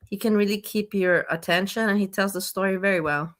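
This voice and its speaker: A woman's voice: mid-range voice, a little fast, fairly bright tone. A woman hosting a live stream, chatting casually, commenting on a guest's story and greeting viewers. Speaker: stream host. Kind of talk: casual chat.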